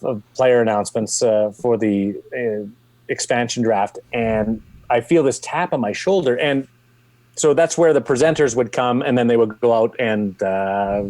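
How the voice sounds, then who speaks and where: A man's voice: medium pitch, a little mellow, no echo. A man from Canada, a hockey TV host, telling a story in a casual, rambling way with lots of restarts. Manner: rambling, many restarts and fillers.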